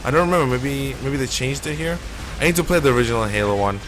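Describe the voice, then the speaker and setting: A man's voice: medium pitch, animated, fast, background noise. A man streaming a shooter game live, rambling and opinionated as he plays. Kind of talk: casual live gameplay commentary.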